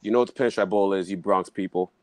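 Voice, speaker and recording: A man's voice: low voice, steady tone, fast, a little mellow, dry recording. A man arguing football picks on a casual panel, emphatic and brash, swearing for emphasis.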